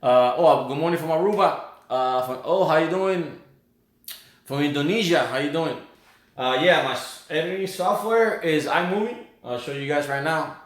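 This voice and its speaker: A man's voice: on the high side, moderate pace. A man hosting a casual live stream, rambling and greeting his viewers by name and place. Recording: roomy echo.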